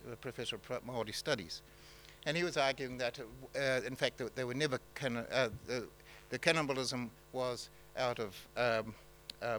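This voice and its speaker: NZ male pastor, bright forward tone, halting off-the-cuff sermon delivery, faint hum behind. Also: mid-range voice, low-quality recording. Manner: halting, many fillers and restarts, conversational.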